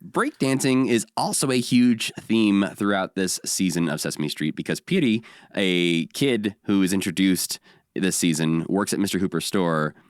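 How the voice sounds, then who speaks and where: A man with a fairly low voice walks through episode recaps in a casual podcast chat. He tells it with energy and now and then slips into quick character voices. The recording is close and dry, with no room sound. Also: clean tone, no echo. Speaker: podcast co-host.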